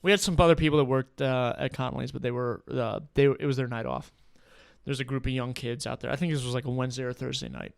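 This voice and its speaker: A man's voice: medium pitch, quick pace, gravelly, clear, resonant tone, no room sound, clean studio sound. A man with a New England accent telling a bartending story in casual, profane chat, acting out the people in it. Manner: animated, profane, acts out voices in stories. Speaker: podcast guest.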